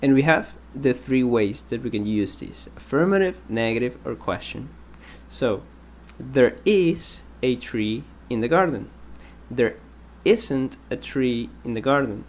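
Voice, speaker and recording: A man teaching an English grammar lesson, patient and explanatory, repeating example sentences and pausing with ums. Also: mid-range voice, expressive, a little hiss or hum.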